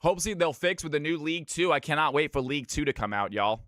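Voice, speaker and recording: A man's voice: a little high, expressive, fast talker, a bit bright, dry recording, clean studio sound. A man from California hosting a live game stream, commentating picks and greeting viewers by name in an upbeat way. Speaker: streamer casting viewer games.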